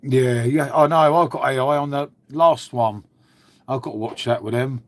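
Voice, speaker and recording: A man's voice: mid-range voice, moderate pace. A man, hosting a live stream in a casual chat, chatty and matey, swearing freely and answering viewers. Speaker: beer channel host.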